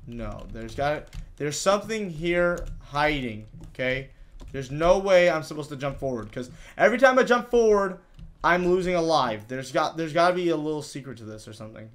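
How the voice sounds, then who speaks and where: Excitable young-sounding gamer man. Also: on the high side, moderate pace. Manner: frustrated, excitable, talks to himself with many restarts. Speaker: gaming YouTuber. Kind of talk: live gameplay commentary.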